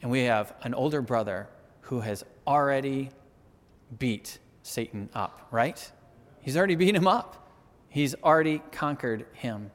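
A man preaching a sermon, animated and conversational, often asking "right?" and building to emphatic peaks. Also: medium pitch, a little slow, long reverb tail. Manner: conversational, asks the audience "right?".

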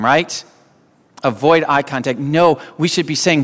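A man's voice: on the high side, normal speed, fairly bright tone, long reverb tail. A man preaching a sermon as pastor, telling a story and acting out the quoted lines.

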